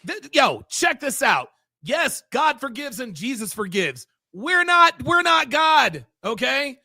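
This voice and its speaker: Very high-voiced man ranting with profanity. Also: big pitch swings, slow, creaky, no room sound. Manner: profane, angry, often shouting. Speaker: podcast host. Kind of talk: heated reaction commentary.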